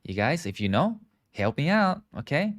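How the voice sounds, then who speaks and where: A man's voice: on the high side, very animated, moderate pace. A man teaching English live, explaining words and asking viewers to repeat after him. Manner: frequent "okay" and "right" checks. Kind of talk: live online English lesson.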